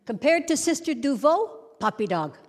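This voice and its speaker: A middle-aged woman preaches in an animated, joking, conversational way, slipping into song to drive a point home. Her voice sits fairly high for a woman. It rings out through the long reverb of a large hall. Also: normal speed. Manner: humorous, conversational. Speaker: conference speaker. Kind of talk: storytelling sermon.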